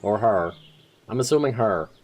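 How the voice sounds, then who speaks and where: A man chats playfully through his game session and talks to the characters as he goes. His pitch moves around a lot, and quiet game music runs underneath. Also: animated, normal speed. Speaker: let's play host. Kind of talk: casual game commentary.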